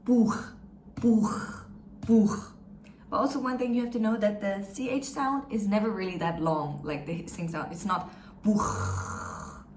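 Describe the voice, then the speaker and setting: A woman's voice: medium pitch, brisk, reverberant, slight background noise. A woman, a teacher giving an encouraging, step-by-step pronunciation lesson and having learners repeat after her. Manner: encouraging, demonstrates sounds and has learners repeat. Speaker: German language teacher.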